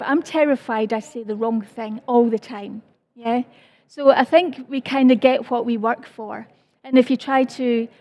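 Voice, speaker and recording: A woman's voice: sits high, a little mellow. A woman with a Scottish accent giving a conference presentation, earnest and apologetic, with self-deprecating asides. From Scotland. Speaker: conference speaker.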